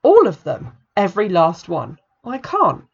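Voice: medium pitch, wildly swooping pitch, unhurried, gravelly, husky, muffled recording, heavily acted. A book reviewer reading aloud as a meek, apologetic woman who pleads with her sister. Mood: pleading. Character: meek, apologetic adult woman, the narrator of the novel.

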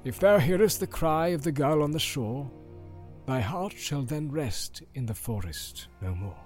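A man voicing an ancient, grave male wizard who speaks in a solemn, measured way and chants verse, with film music behind him. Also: on the high side, expressive, darkish tone. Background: film score music.

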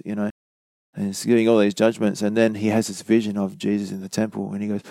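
A man's voice: lowish voice, little pitch movement, brisk, gravelly, warm tone, no room sound. A man giving a conversational bible study sermon, explaining verse by verse with casual asides. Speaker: bible teacher.

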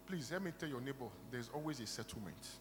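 A man preaching a sermon in a church, retelling a parable and praying aloud, swinging from quiet storytelling to loud bursts of prayer. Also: medium pitch, lively intonation, fast, noisy background. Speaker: pastor. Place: church hall. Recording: reverberant hall with music behind. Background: instrumental music.

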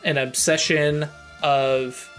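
A man running a tabletop game over a voice call, talking slowly with lots of fillers and restarts. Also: fairly high pitch, flat delivery, a bit bright, soft background music. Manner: slow, halting, many fillers and restarts. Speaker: game master.

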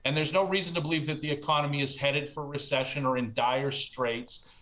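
A man's voice: fairly high pitch, fairly even intonation, brisk, background noise. A man giving confident, emphatic market views in a financial panel discussion. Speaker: market commentator.

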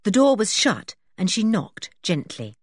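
A woman's voice: mid-range voice, sing-song, a little slow, no room sound, clean studio sound. A woman narrating a children's storybook expressively and switching into voices for the characters. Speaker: audiobook reader.

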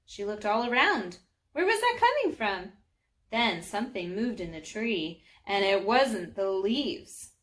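A woman reading a children's storybook aloud, gently, sometimes speaking directly to young listeners. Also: medium pitch. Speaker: storybook narrator.

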